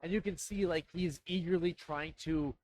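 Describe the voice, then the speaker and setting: A man narrating as dungeon master, talking in a halting way with many fillers and restarts. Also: on the high side, steady tone, a little mellow, slight background noise, rough recording. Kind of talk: narrating a tabletop game.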